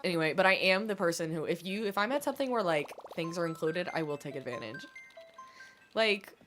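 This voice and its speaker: A chatty American woman talks on a gaming livestream, rambling and poking fun at herself with plenty of ums and likes. Her voice sits a little low for a woman. Bright game music plays clearly behind her. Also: lively intonation, brisk. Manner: chatty, rambling, self-deprecating, many fillers. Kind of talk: casual livestream chat while playing.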